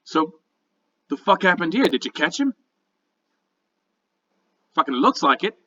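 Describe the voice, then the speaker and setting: A man's voice: fairly high pitch, very animated, unhurried, sharp tone, dull audio, voice pushed up, full character voice. A man voicing an exasperated, foul-mouthed guard captain. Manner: swearing, exasperated.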